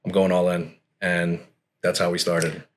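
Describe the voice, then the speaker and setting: A podcast host chats in a friendly, laid-back way, frequently calling his guest "man." His deep voice comes across flat and unhurried.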